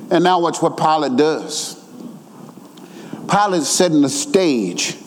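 A man preaching a sermon, swelling into near-shouted, sing-song emphasis. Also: fairly high pitch, sing-song, slow, long pauses, a little hiss or hum. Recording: long hall reverb.

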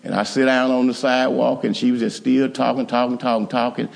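A middle-aged male pastor telling a story in a sermon, swinging from loud exclamations to hushed asides and repeating himself as he goes. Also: medium pitch, flat delivery, brisk, vocal fry.

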